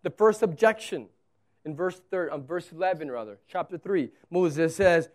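A man's voice: a little high, expressive, moderate pace, a little mellow. A male pastor preaching a sermon with emphasis, acting out the quotes.

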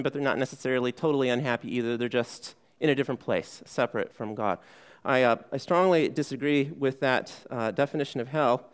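Guy preaching a sermon, kinda high voice, chatty q-and-a style, lots of "okay". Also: smooth. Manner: conversational, asks the congregation questions and answers them; frequent "okay" fillers and restarts. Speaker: pastor.

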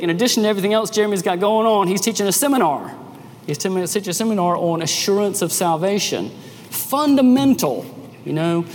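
A man preaching a sermon as pastor, emphatic and animated, restarting his phrases as he builds each point. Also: high voice, slight background noise. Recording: long echo of a hall, faint ambience.

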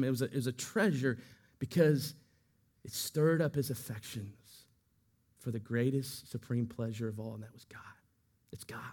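A man preaching a sermon, his voice rising and swelling when he quotes scripture and falling soft at the ends of lines. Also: mid-range voice. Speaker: pastor.

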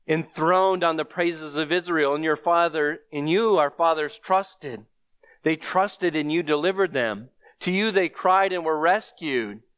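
A man's voice: fairly high pitch, fairly bright tone, clean tone, no room sound. A man preaching a sermon with earnest delivery, reading scripture aloud to his congregation.

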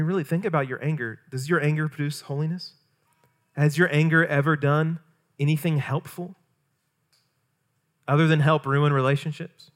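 A man's voice: medium pitch, fairly bright tone. A man, a pastor, preaching a sermon in a conversational way, full of rhetorical questions.

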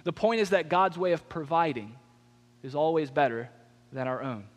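A man preaching a sermon, telling a personal story in a conversational, animated way. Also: on the high side, moderate pace. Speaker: pastor. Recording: long hall reverb.

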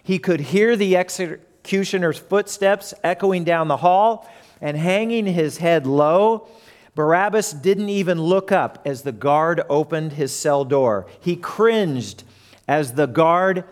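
Guy preaching, a bit high voice, tells the story and acts out the crowd. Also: slow pace. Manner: storytelling, acting out the crowd and characters. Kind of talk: sermon.

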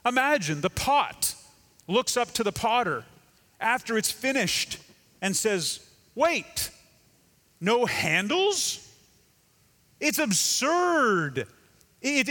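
A male pastor preaching a sermon emphatically, often dropping into a hush for effect. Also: very high voice, big-room sound. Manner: emphatic, dramatic drops to a hush.

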